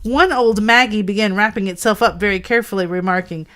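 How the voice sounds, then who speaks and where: A woman co-hosting a podcast, reading a classic story aloud slowly and carefully, stopping to explain wordplay. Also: medium pitch, a bit bright. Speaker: podcast co-host.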